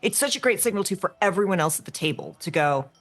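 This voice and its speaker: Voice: mid-range voice, lively intonation, fast, a bit bright. A co-host in a casual, earnest chat about tabletop games, often saying "like". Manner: earnest, repeats "like". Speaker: podcast co-host.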